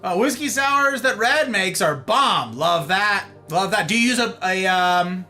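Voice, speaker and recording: A man's voice: high-pitched, animated, a little slow, pushed and bright, soft background music. A man live-streaming, chatting casually with his viewers, teasing and greeting them by name.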